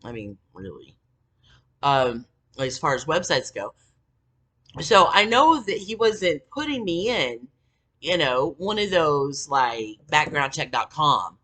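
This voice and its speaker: A woman with a low, husky voice rambles through a story, swearing constantly and leaning on fillers. Her pitch swings widely as she talks, and her tone has a bright, sharp edge. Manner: rambling, profane, many fillers. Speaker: vlogger. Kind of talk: casual storytelling monologue.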